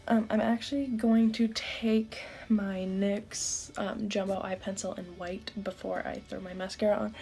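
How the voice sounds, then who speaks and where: A young woman casually chatting through a makeup tutorial as a beauty vlogger, candid and quick to exclaim. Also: medium pitch, vocal fry, a little mellow.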